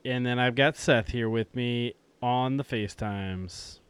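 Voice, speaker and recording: A young man hosts a casual podcast in an unhurried, mid-range, fairly bright voice. He chats in a laid-back way, laughs often, and also reads an ad.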